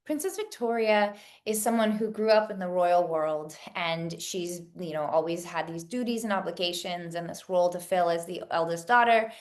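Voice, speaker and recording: Chatty woman, lowish voice, lots of fillers. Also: normal speed, few pauses. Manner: rambling, many fillers and restarts. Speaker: actress and producer, guest. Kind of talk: casual interview chat.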